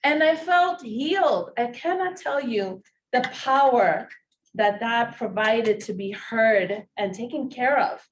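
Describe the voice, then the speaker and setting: A woman with a non-native English accent telling a personal story in a talk, animated and emotional. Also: fairly high pitch, takes it slowly, highs cut off. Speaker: social work presenter. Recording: distant mic, faint hiss.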